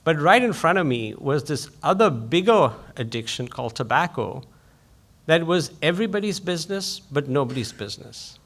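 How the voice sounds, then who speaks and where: A man, a physician giving an invited public lecture, who speaks quickly and eagerly in a conversational way. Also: fairly high pitch, very animated, fairly bright tone.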